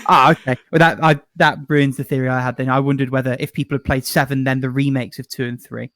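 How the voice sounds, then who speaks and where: A British man co-hosting a casual podcast, thinking out loud with rambling, restarting sentences. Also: medium pitch, level tone, fast talker, dry recording, clean studio sound. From Britain. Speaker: podcast co-host. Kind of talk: casual chat.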